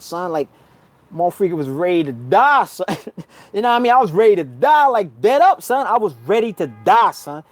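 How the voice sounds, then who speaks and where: A man with a New York accent telling a spiritual story in a casual, slangy monologue, calling the listener son and bruh. He swings between loud outbursts and low murmurs. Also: very animated, fairly quick. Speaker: spiritual vlogger.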